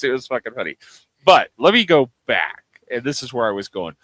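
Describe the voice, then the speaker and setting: A man's voice: on the low side, fairly quick, dry recording, rough recording. A man co-hosting a podcast, telling stories in casual chat and swearing freely. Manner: profane, animated storyteller. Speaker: podcast co-host.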